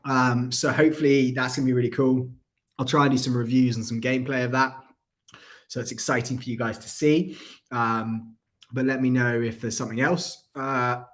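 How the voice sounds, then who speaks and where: A man's voice: medium pitch, a bit bright. A man hosting a casual livestream, chatty and rambling, with a dry throat and frequent coughs. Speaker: airsoft channel host.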